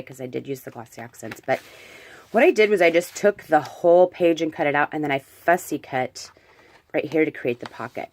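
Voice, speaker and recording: Low-pitched woman host, chatty gushing craft show-and-tell, home table. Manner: chatty and gushing, with fillers and self-corrections. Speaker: crafter showing a handmade album. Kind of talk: casual show-and-tell vlog.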